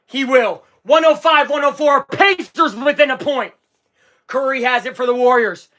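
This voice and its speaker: High, bright, excitable game-watching streamer. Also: normal speed. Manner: excitable, swings from muttering to shouting, swears. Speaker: live streamer. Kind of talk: live fan watch-along commentary.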